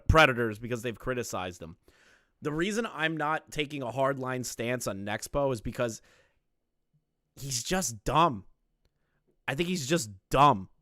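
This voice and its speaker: A man giving casual, profane commentary on clips, blunt and quick to laugh. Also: medium pitch, sharp tone, dry recording, clean studio sound. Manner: blunt, swearing, laughs often. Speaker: commentary streamer reacting to clips.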